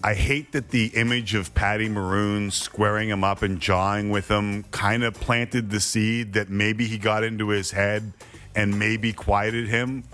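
A man hosting a sports talk show, moderating a panel with brisk, joking quiz-style questions. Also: on the low side, fairly bright tone.

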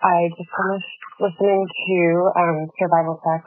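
A man leaving an earnest voicemail, halting with many pauses and fillers. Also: high voice, flat delivery, dry recording. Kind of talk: recorded voicemail message. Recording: tinny phone line.

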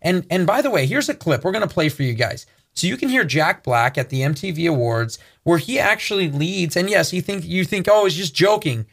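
Guy preaching on a talk show, earnest and emphatic, kinda high voice. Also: big pitch swings, a little fast, gravelly, hardly any pauses, a bit bright. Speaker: co-host. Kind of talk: preaching commentary.

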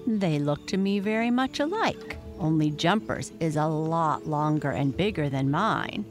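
A woman's voice: low-pitched, animated, unhurried, music in the background. A woman voicing an earnest young male rabbit pupil who recites carefully. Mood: puzzled.

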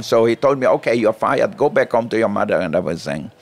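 A man's voice: mid-range voice, fairly quick, hardly any pauses. A middle-aged man, a chef, telling stories in an interview and acting out the lines he quotes. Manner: animated storyteller who acts out quoted lines. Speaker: chef and guest. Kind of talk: storytelling interview.

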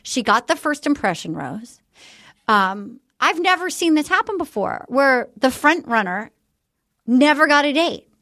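High-voiced woman hosting a chatty recap. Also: measured pace. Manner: animated retelling, acting out quotes with laughs. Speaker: podcast host. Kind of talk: casual recap chat.

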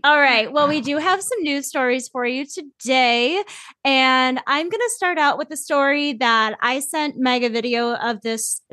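A young woman hosting a podcast in casual chat, talkative and loose, swearing freely with quick asides. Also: high voice, pushed and bright, dry recording. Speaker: podcast host.

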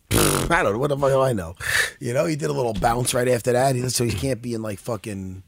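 A man's voice: mid-range voice, very animated, fairly quick, creaky, a little hiss or hum. A man co-hosting a casual talk show, rambling and swearing, with lots of restarts. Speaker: podcast co-host. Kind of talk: casual profane chat.

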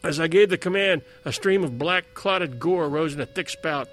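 A man reading a dramatic sea adventure aloud as a narrator, in a measured way. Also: a little high, fairly bright tone, soft background music. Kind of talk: scripted story narration.

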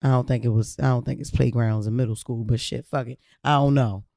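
A man's voice: medium pitch, fairly even intonation, a little fast, vocal fry, warm tone, no echo, studio quality. A man hosting a podcast, talking bluntly and profanely in a casual monologue. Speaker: podcast host.

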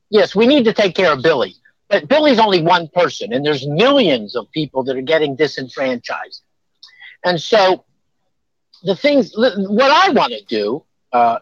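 A man's voice: a little high, fairly bright tone, no echo, muffled recording. A man, a doctor and advocate, speaking earnestly in a live-stream discussion, often restarting his sentences.

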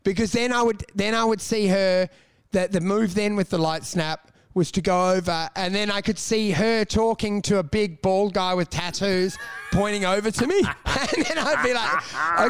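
A man's voice: sits high, normal speed, fairly bright tone. A young man in casual comedic chat, rambling through stories, swearing and laughing as he goes.

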